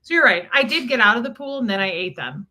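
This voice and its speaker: Young woman co-host, bright and chatty, high-ish voice, greets viewers. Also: lively intonation, fast. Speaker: co-host of a live stream. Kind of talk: casual live-stream chat.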